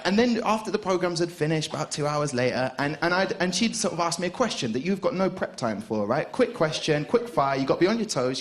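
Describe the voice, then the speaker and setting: A man's voice: on the high side, a bit bright. A young man doing a stand-up set on a club stage, rambling and hesitant with lots of restarts. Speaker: stand-up comedian.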